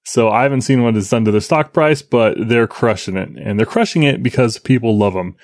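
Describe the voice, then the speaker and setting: A man co-hosting a tech podcast, talking in a rambling, enthusiastic, halting way. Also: medium pitch, darkish tone, dry recording, clean studio sound. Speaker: podcast co-host. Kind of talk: casual chat.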